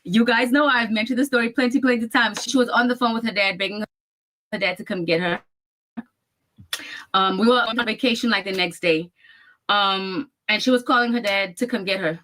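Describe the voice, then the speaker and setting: A woman's voice: medium pitch, fairly even intonation, normal speed, a bit bright. A woman with a mid-range voice tells a family story with lots of drama. She retells it vividly and acts out other people's words as she goes. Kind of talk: personal storytelling in a video.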